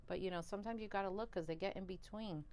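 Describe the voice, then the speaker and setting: A woman vlogging about her worms, chatty and excitable, laughing often, a little out of breath. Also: medium pitch, quick pace. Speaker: worm farmer and channel host. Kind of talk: casual chat to camera while handling worms.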